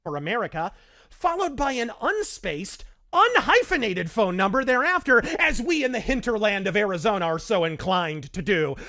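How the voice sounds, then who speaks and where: A man reads scripted commentary in a sardonic, theatrical manner. His phrasing is wordy, and his pitch swings widely from line to line. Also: very animated, normal speed, pushed and bright. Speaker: online commentator in a played video.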